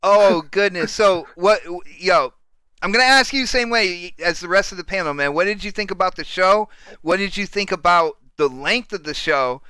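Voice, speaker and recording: Hosting a loose panel chat on his podcast, a man speaks with a bright, clean voice pitched a bit high for a male. He's excitable and teasing, leaning on words like "dude" and "man," at a normal speed with smooth delivery. The recording is dry and close, with no echo.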